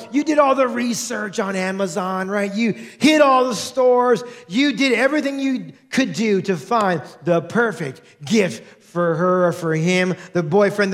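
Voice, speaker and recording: An earnest male pastor in his thirties with a noticeably high voice. He prays with feeling and then preaches in a conversational way, acting out the people in his stories as he tells them. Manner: earnest, conversational, acts out quotes in his storytelling. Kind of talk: sermon with opening prayer.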